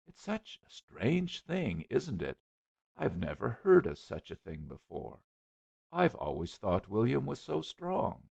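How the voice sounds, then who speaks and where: A man's voice: deep voice, vocal fry, darkish tone, husky, full character voice. A man voicing a prim, anxious young woman who gushes and frets, on a dull lo-fi recording. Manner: fretful, gushing.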